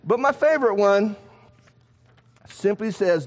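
A man preaching a sermon in a church, animated, asking rhetorical questions and swinging between loud and soft. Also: high-pitched, a little slow, pauses often. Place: church sanctuary. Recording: long hall reverb.

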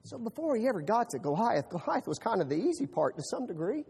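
High-voiced preacher in a reverberant hall. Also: male voice, fast talker, vocal fry, slightly rough. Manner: animated storytelling, repeating words. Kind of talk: sermon. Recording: long reverb of a large hall.

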